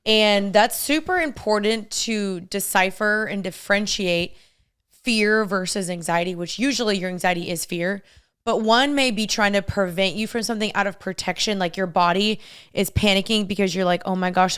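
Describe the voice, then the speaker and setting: A young woman co-hosting a casual podcast, giving earnest advice on relationships in quick bursts. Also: mid-range voice, fairly bright tone, clear, resonant tone. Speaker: podcast co-host and author.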